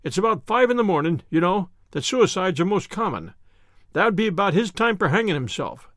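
A man's voice: sits high, big pitch swings, brisk, fairly bright tone, no room sound, clean studio sound. A man voicing a hearty, plain-spoken male police inspector in a period detective tale. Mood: matter-of-fact.

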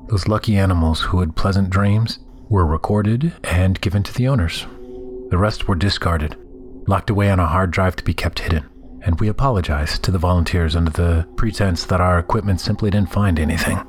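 A man with a very low voice tells a first-person horror story in scripted narration. His delivery is measured and somber, and he often sinks into hushed, whispered passages. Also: a little hiss or hum.

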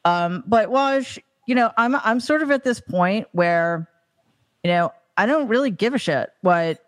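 A woman's voice: mid-range voice, lively intonation, a little slow. A woman hosting a political discussion, talking bluntly and frankly. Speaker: podcast host.

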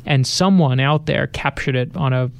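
At a moderate pace and medium pitch, a middle-aged man speaks in a gravelly voice with no room sound. As a best-selling author guesting on a radio studio interview, he animatedly shares personal anecdotes and acts out the voices he quotes.

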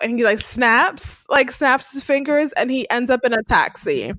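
Woman co-host, lively and expressive recap storyteller, swooping melody. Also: a little high, normal speed, dry recording. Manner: animated storytelling, acting out character lines. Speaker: podcast co-host. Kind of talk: casual TV recap chat.

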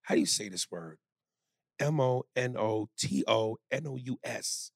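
A man co-hosting a comedy podcast in casual chat, loud and playful, slipping into silly bits. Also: medium pitch, lively intonation, unhurried, gravelly, no echo. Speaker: podcast co-host.

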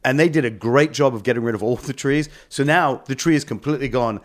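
A man's voice: medium pitch, quick pace. A man co-hosting a podcast, chatting casually and telling anecdotes with easy laughter. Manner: chatty, laughs easily, tells neighborhood anecdotes. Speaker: podcast co-host. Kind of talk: casual chat.

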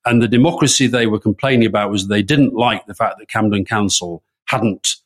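Male podcast co-host, lowish voice, lively amused storyteller in relaxed chat. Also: brisk. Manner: animated anecdotal storytelling, amused. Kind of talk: casual political chat.

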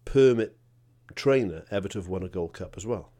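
A man co-hosting a podcast in casual chat, animated and laughing as he tells stories. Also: sits low, fairly quick. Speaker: podcast co-host.

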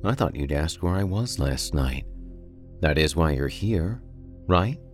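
A man's voice: very deep voice, expressive, measured pace, soft background music. A man voicing a guarded, defiant woman who sits in a wheelchair, speaking in a dry, cool and pointed way in a horror story reading.

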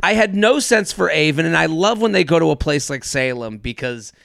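Male podcast co-host, gravelly, halting casual chatter, dry close sound. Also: a little high, lively intonation, a bit bright, no echo. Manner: halting, many restarts and fillers. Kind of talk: casual chat.

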